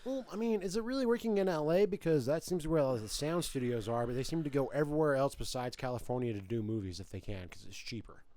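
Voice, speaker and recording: A young man from Utah co-hosting a podcast, chatting casually, animated and jokey, swearing often. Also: mid-range voice, fast talker, hardly any pauses, no echo. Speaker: podcast co-host. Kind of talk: casual chat.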